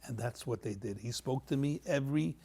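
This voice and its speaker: A man telling a heartfelt personal story on a panel, animated and repeating phrases as he acts out the people in it. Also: medium pitch, brisk, breathy edge. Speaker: panel guest.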